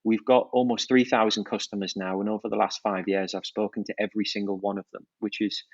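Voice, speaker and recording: A man's voice: lowish voice, little pitch movement, fast talker, no room sound, muffled recording. A man, a brand founder, talking enthusiastically about his business in a podcast interview. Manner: enthusiastic, fluent product talk with restarts. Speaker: watch brand founder, guest.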